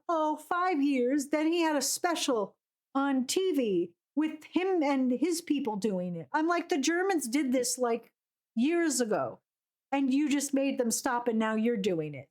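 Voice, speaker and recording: High-voiced ranting woman streamer. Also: unhurried. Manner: animated, ranting, laughs often. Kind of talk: casual live gameplay commentary.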